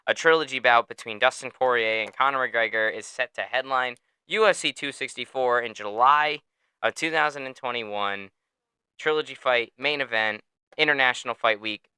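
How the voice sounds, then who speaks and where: Bright, crisp man telling a fight story. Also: medium pitch, no echo. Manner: animated storytelling, swears freely and laughs often. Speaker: podcast host. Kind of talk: casual sports chat.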